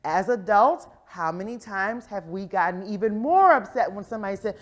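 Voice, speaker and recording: A woman with a medium-pitched voice speaks at a normal pace while presenting an interactive professional development workshop on early childhood education in a conference session room. She's animated, acts out quoted voices, and keeps checking in with "right?"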